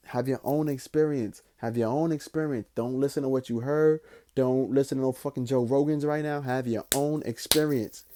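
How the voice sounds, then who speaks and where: Young male podcast host, mellow voice, animated profane storyteller with lots of fillers. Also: mid-range voice. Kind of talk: casual storytelling.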